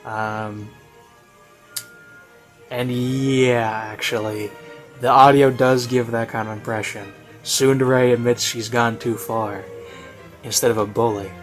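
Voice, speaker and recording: A man's voice: medium pitch, fairly even intonation, slow, long pauses, faint music behind. A man giving casual, rambling commentary on a video he is reviewing, full of "you know" and "like" and offhand self-mockery.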